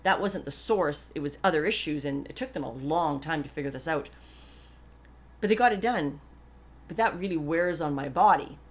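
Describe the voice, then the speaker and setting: A woman's voice: deep voice, normal speed. A woman hosting a podcast, talking candidly and earnestly in a rambling, chatty way full of asides and restarts. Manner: warmly earnest and grateful. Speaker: podcast host. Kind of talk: candid personal monologue.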